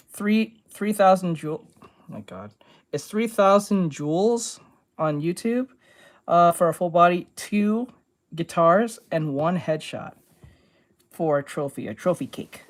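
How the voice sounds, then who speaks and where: A woman art streamer in casual live-stream chat, slangy and calling her viewers bro. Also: on the low side.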